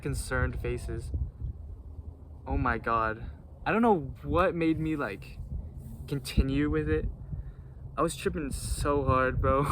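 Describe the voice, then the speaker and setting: A young man in a casual vlog, telling a story in a loose, slangy way. He restarts his sentences and fills every gap, and his pitch sits in the middle for a man. A faint hiss runs under the voice. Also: a bit bright. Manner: rambling, slangy, many restarts and fillers. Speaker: vlogger.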